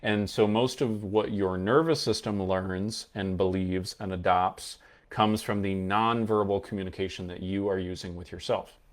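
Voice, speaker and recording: Earnest male coach with a lowish voice. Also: fairly even intonation, moderate pace. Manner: earnest, emphatic, demonstrates tones of voice while teaching. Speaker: mental health coach. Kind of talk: explanatory coaching talk to camera.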